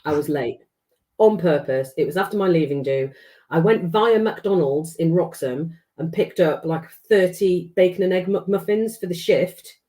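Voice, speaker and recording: In an unhurried, warm, lowish voice, a middle-aged English woman tells stories as a podcast guest. She swears freely and performs the dialogue herself.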